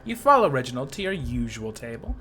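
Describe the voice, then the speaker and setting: Game streamer, playful, laughing, bright voice, lively pitch. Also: a little fast, soft background music. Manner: playful, laughs often, self-mocking. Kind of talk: reading a narrative game aloud with commentary.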